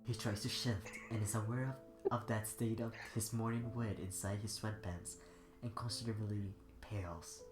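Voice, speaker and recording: A man's voice: lowish voice, fairly even intonation, moderate pace. A sick, congested man reading fanfiction aloud in a rambling, giggly, off-the-cuff way. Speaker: fanfiction reader. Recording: echoey room with loud music.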